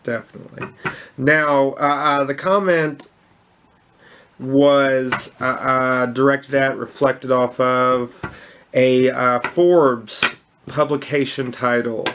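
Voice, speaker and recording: Man, crypto vlog host, unscripted commentary, rambling restarts, enthusiastic, mid-pitched voice. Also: fairly even intonation, slow, fairly bright tone, slight background noise. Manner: rambling, with many restarts and fillers; upbeat and enthusiastic.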